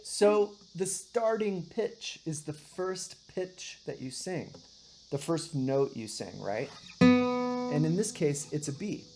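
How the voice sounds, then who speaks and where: A woman's voice: low-pitched, lively intonation, takes it slowly. A woman teaching a one-on-one guitar and singing lesson, patiently explaining and often checking in with "right?". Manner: patient, explains with many "right?" checks, sings short demonstrations.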